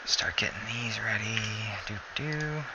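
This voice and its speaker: Sleepy male gameplay commentator, low and gravelly, meandering and self-correcting. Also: moderate pace, background noise. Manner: rambling, self-correcting, relaxed. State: sleepy, yawning.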